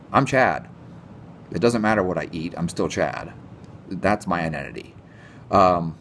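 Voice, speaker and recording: A man's voice: low voice, slight background noise. Sarcastic, exasperated man ranting. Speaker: nutrition vlogger. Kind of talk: casual ranting monologue to camera.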